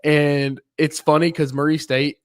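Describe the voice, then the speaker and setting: A man's voice: fairly high pitch, level tone, measured pace, no echo, clean studio sound. A man from Tennessee with a Southern American accent, co-hosting a casual podcast chat as an easygoing storyteller. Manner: laid-back storyteller, easygoing. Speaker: podcast co-host.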